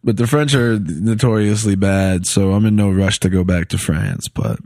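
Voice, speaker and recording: Male comedian guest from Congo, somewhat low voice, easygoing profane chat, dry close mic. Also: expressive, normal speed, a little mellow, no echo. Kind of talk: casual podcast chat.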